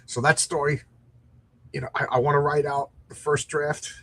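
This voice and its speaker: Husky, rambling man chatting casually. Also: a little high, little pitch movement, normal speed, a bit bright. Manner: chatty, rambling, self-deprecating. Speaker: comic podcast host.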